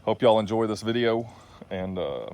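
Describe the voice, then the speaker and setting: A man's voice: lowish voice, lively intonation, moderate pace, a little mellow. A middle-aged man, rambling in a casual, folksy, self-deprecating way as he catches viewers up on his trucking business outdoors. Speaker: trucking business owner vlogger.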